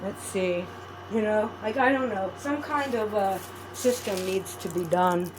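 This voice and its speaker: Over some background noise, a vlogger crafting at home talks to her viewers at a measured pace in a medium-pitched voice. Rambling, chatty and friendly, she warmly addresses them as "adorables."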